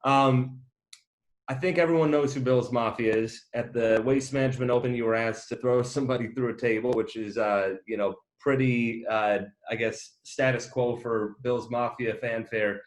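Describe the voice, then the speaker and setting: A man's voice: mid-range voice, fairly even intonation, normal speed. A man hosting an interview, asking long, wandering questions with many fillers in a friendly, casual way. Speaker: interview host, company co-founder.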